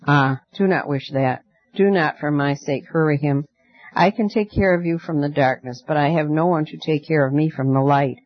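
A gentle girl of the night coaxes in a soft, earnest voice, read by a man in a fairly high voice. She is soothing yet firm, and sounds like a storybook reading. The recording is dull and muffled, with no room echo. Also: normal speed, faint music behind, natural voice. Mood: tender.

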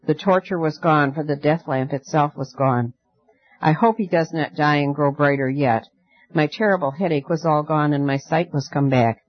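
A gentle girl of the night coaxes in a soft, earnest voice, read by a man in a fairly high voice. She is soothing yet firm, and sounds like a storybook reading. The recording is dull and muffled, with no room echo. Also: normal speed, close to an everyday voice. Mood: tender.

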